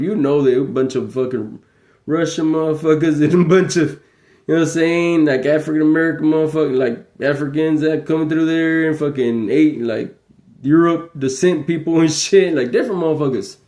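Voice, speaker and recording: A man's voice: a little high, reverberant. A man rambling on a livestream, swearing constantly and laughing between heated stories. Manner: profane, animated, laughing storyteller. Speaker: livestream host.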